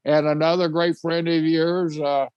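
An older man from Oklahoma co-hosts a casual podcast interview in a rambling style, often repeating his words. His voice sits a little high, and the sound is dry and close. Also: level tone, a little slow, clean tone, no room sound, muffled recording. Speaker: podcast co-host.

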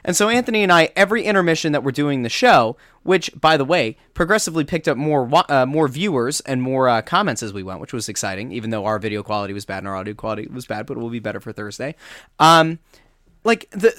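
A man's voice: a little high, fast talker, dry recording, studio quality. A man co-hosting a casual sports podcast, telling a story with lots of restarts and fillers. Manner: animated storytelling with many restarts. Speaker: podcast co-host.

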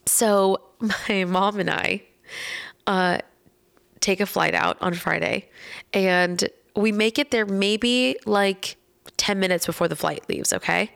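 A woman telling a story in casual podcast chat. She is animated, laughs often and acts out the voices of people she quotes. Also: medium pitch, slow, gravelly, smooth.

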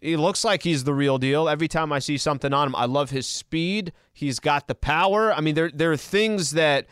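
A man's voice: on the high side, moderate pace, a bit bright, clear, resonant tone, no echo, clean studio sound. A man co-hosting a sports talk radio show, speaking casually with hesitant restarts.

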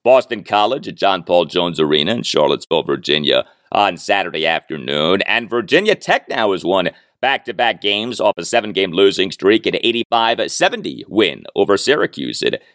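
Lively sports podcast host, man in 40s. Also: deep voice, no echo. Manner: brisk, reading listener emails with dry jokes. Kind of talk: sports talk podcast monologue.

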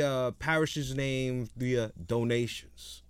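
A man co-hosting a casual chat, relaxed and profane, who laughs often while telling stories. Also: medium pitch, moderate pace, no echo. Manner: laid-back storyteller, swears freely, laughs often.

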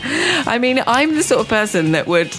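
Lively, playful woman radio host. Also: fairly high pitch, soft background music. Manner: playful, theatrical, quick to laugh. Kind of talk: casual radio chat.

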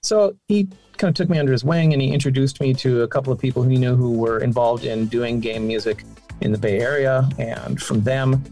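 A man telling his career story as an interview guest, animated and chatty, his voice jumping up when he quotes people. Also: brisk, faint music behind. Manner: animated, with sudden pitch jumps. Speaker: guest, game sound designer and singer.

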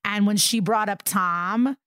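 A woman's voice: mid-range voice, slow, a bit bright, no echo, studio quality. A woman co-hosting a podcast, retelling a true-crime case in a casual, profane way with laughs, acting out the people she quotes. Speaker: podcast co-host.

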